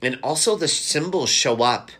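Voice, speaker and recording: A man chatting casually as a podcast co-host, animated and quick to act out characters' lines. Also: mid-range voice, breathy edge. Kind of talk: casual chat recapping a TV episode.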